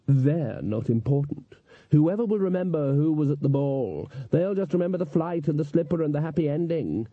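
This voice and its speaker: An actor playing a cold, haughty older female witch, speaking in a cool, measured and superior way. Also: a little high, expressive, dry recording, pitched above the performer's own voice. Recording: dull, dry lo-fi recording.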